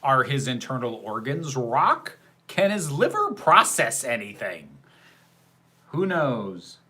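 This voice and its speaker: A man's voice: mid-range voice, big pitch swings, takes it slowly, sharp tone. A man hosting a livestream, casually commenting on a film, answering chat questions and laughing often in a sarcastic tone. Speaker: livestream host reacting to a film.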